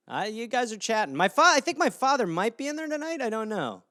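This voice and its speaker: Guy in his 30s doing a solo comedy rant, high lively voice, swears a lot, dry close mic. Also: brisk, hardly any pauses, smooth, dry recording. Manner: animated, swearing, acting out little scenes in silly voices. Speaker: podcast host.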